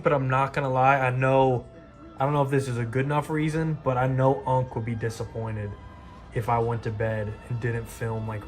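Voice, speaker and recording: Young man, live game reactions, foul-mouthed, mutters then outbursts, faint music behind. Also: medium pitch. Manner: profane, swings from mutters to outbursts. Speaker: fantasy football player.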